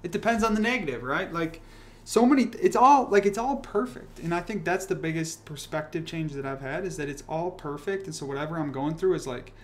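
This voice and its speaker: With a voice on the high side and a slightly fast pace, a young livestream host rambles through profane, animated rants and reads out comments.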